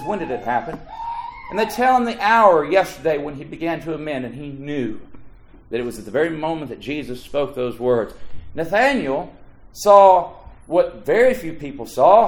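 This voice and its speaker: A man in his thirties preaching a sermon, swinging between hushed low phrases and loud rising emphasis as he quotes scripture in old-fashioned wording. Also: a little hiss or hum. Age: 30s.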